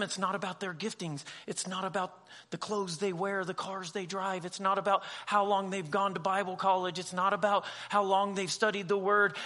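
A man's voice: sits high, sharp tone. A man preaching a sermon as a pastor, talking conversationally, with humorous asides and dialogue acted out in quoted voices.

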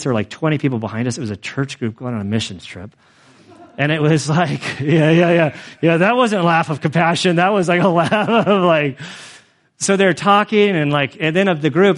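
A man in his forties, a pastor telling his own story in a sermon, earnest and rambling, with many fillers. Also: a little high. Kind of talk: sermon testimony.

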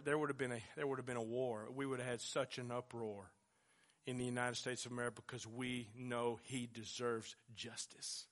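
A male pastor, preaching a sermon with passion, dropping to a hush and then rising loud again. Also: mid-range voice, fairly even intonation, fairly quick. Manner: impassioned preaching, swinging from hushed to loud.

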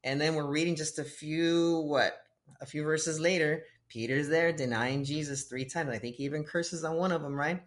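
Animated male tennis coach telling stories. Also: fairly high pitch, moderate pace. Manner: animated storytelling, acts out voices of kids and God. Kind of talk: casual faith-based conversation.

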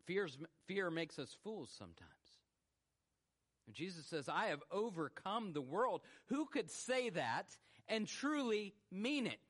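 High-voiced man preaching with animated swings. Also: a little slow. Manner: animated, swings from loud rhetorical questions to hushed low emphasis. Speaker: pastor. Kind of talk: sermon. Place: church sanctuary.

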